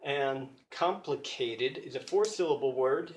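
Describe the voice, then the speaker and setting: American guy, slightly high voice, earnest and thinking aloud as he explains study tips, echoey phone recording. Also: unhurried, a little hiss or hum. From United States. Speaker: language learner sharing study tips. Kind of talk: casual explanatory video talk.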